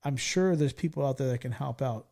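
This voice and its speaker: A man in his forties from California, hosting a podcast and telling stories in a loose, profane, excitable way. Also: mid-range voice, brisk, gravelly. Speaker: podcast host. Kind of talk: casual storytelling chat.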